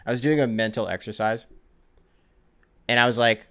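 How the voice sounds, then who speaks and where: A man's voice: medium pitch, steady tone, normal speed, fairly bright tone, clean tone. A man hosting a solo sports podcast, telling stories in a rambling, profane, jokey way. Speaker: podcast host.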